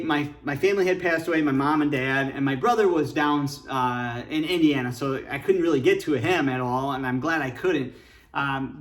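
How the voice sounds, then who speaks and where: A man's voice: on the high side, fairly bright tone. A middle-aged man from Michigan telling his life story casually and earnestly, rambling with fillers while sitting in his car. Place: inside a parked car.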